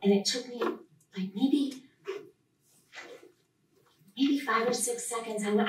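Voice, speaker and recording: A woman's voice: on the high side, steady tone, unhurried, pauses often, darkish tone. A woman professor giving an enthusiastic, heartfelt introduction at a live poetry reading. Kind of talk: live event introduction speech. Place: lecture room at a reading. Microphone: podium mic. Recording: echoey hall, distant mic.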